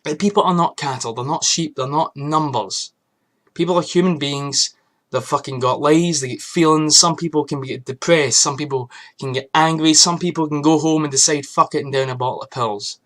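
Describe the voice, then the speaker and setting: A young man rants into the camera, heated and profane, voice pitched a touch high for a man. He swears freely and presses each point hard. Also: a little fast, a bit bright. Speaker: vlogger. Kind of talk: angry ranting monologue.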